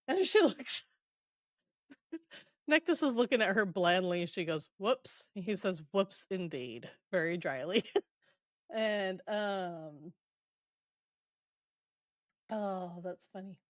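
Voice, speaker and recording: A woman at a middle pitch chatting through a book recap. She paraphrases dialogue loosely, drops in ums and quick laughs. The recording is dry and close. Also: animated, no room sound. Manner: retells scenes loosely with quick quoted asides, many ums, laughs. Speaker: podcast co-host.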